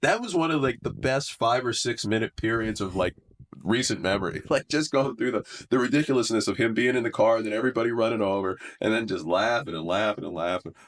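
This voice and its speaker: A man's voice: on the low side, quick pace. A man, a comedian guest on a podcast, chatting casually with a stuffy nose from allergies, rambling and laughing often. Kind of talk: casual chat.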